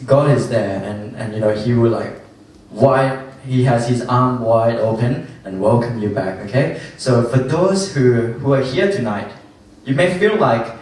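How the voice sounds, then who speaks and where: A man's voice: medium pitch, a little mellow, far from the mic. Young man preaching in an echoey hall. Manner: rambling, full of fillers and restarts. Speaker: youth speaker. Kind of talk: informal youth sermon. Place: church hall.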